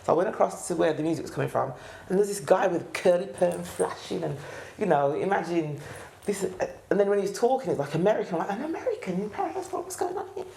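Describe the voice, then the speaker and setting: Gravelly low-voiced Brummie woman. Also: fast, a little hiss or hum. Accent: Birmingham. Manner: animated, acts out quoted voices. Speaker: gospel choir leader. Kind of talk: storytelling interview. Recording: echoey room.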